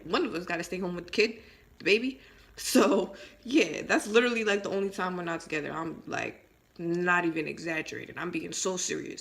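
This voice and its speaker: A woman's voice: medium pitch, gravelly, fairly bright tone. A young woman vlogging at home, chatting casually and rambling, with lots of filler words and emphatic asides. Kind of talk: casual storytime chat.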